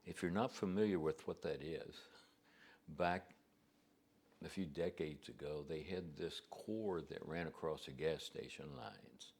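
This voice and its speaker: Deep-voiced preacher, slow homespun storytelling, conversational. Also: male voice, darkish tone, breathy edge. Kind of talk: storytelling to a congregation.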